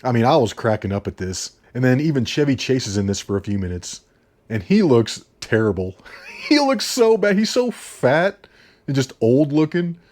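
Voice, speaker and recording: A man chats about films in a loose, rambling way. He repeats himself, chuckles as he goes, and keeps his voice at an everyday middle pitch. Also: big pitch swings, normal speed, a little mellow. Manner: chatty, laughs often, repeats himself. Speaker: movie reviewer. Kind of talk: casual rambling movie review.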